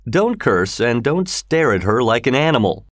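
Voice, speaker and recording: A man's voice: mid-range voice, big pitch swings, moderate pace, dry recording, clean studio sound. A man playing a cold, scheming landowner. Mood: mocking. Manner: cold, mocking and commanding. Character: scheming cruel middle-aged landowner.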